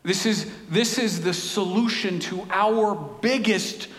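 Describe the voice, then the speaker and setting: A man preaching a sermon in an earnest, animated way, often repeating words as he builds a point. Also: sits high, takes it slowly. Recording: echoey hall, reverberant.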